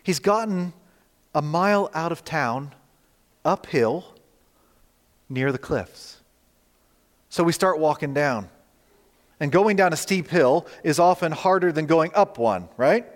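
Pastor preaching in a reverberant hall. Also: male voice, on the high side, takes it slowly, long pauses. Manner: storytelling, conversational, animated in quoted dialogue. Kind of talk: sermon with slides.

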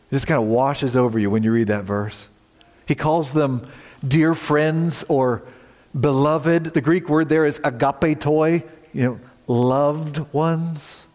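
A male pastor delivers an earnest sermon in a fairly high voice. He swings between strong emphasis and soft, hushed lines. His voice rings with the long reverb of a large hall.

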